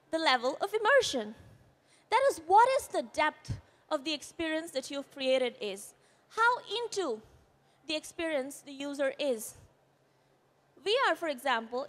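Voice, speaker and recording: A woman with an Indian English accent and a high-pitched voice speaks from a conference stage. Her delivery is earnest and explanatory. She is shaken after an accident, and a slight quiver runs through her voice. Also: a bit bright. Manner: earnest, explanatory, with brief apologies. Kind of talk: presentation talk.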